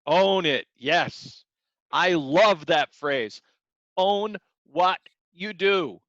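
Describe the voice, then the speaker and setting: A man's voice: high voice, expressive, very slow, fairly bright tone, no echo. A man teaching a martial arts class, talking earnestly and repeating words as he acts out examples. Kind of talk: motivational class talk. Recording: dull lo-fi sound.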